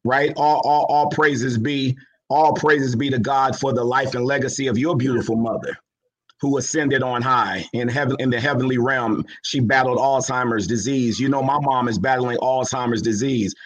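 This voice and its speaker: A man's voice: medium pitch, fairly even intonation, normal speed, low-quality recording. A man in his fifties, a guest speaker talking with rhythmic, repetitive, preacher-like fervor. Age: 50s. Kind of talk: fervent preacher-like interview talk.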